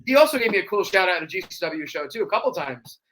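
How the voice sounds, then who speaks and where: A man as a guest in a casual chat, telling stories in an animated way. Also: sits high. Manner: animated storyteller, quick restarts and fillers.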